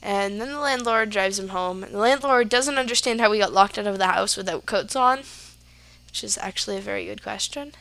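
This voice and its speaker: A woman's voice: mid-range voice, brisk, creaky, a bit bright, no echo. A teenage girl hosting a podcast, telling a story casually with lots of "like" and "yeah". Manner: chatty, lots of fillers like "like" and "yeah". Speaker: podcast host.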